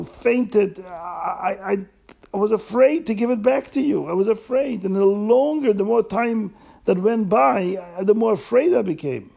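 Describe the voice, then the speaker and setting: A man voicing a remorseful man who cries as he confesses to a friend, halting and pleading. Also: high-pitched, creaky, mellow, pitched above the performer's own voice, heavily acted.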